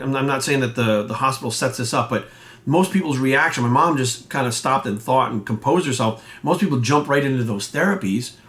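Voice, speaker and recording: Blunt, swearing fitness coach. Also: male voice, mid-range voice, fairly bright tone. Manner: blunt, swears constantly, acts out quoted voices. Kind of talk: casual rant to camera.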